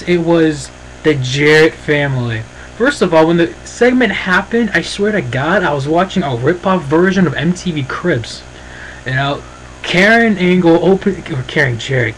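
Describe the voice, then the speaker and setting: Brief: man with a slightly high voice, chatty rambling reviewer, opinionated, faint background noise. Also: a bit bright, rough recording. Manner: rambling, opinionated, says "freaking" a lot. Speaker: wrestling show reviewer. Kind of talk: casual review vlog.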